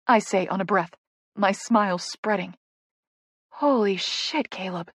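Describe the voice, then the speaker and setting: A woman's voice: medium pitch, no echo. A woman narrating a first-person romance audiobook in an intimate, playful way, on a close studio mic.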